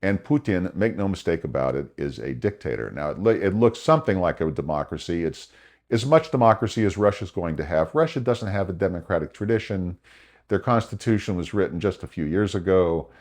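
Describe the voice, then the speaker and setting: Speaking fairly quickly with lively intonation, this deep-voiced, slightly mellow older American runs a small podcast of his own. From his Phoenix home he offers casual, wry commentary, fixing his own words as he talks.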